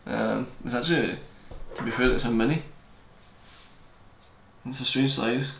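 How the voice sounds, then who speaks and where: Fast-talking man, roomy sound. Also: medium pitch, vocal fry, fairly bright tone. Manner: fast-talking, joking, digressive. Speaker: tech reviewer. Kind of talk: casual rambling product review. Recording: echoey room, faint hiss.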